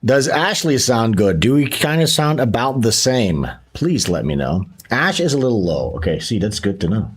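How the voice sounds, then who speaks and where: A man's voice: medium pitch, sing-song, normal speed, hardly any pauses, breathy edge. A man hosting a livestream in casual chat, joking and teasing his guest. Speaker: streamer host.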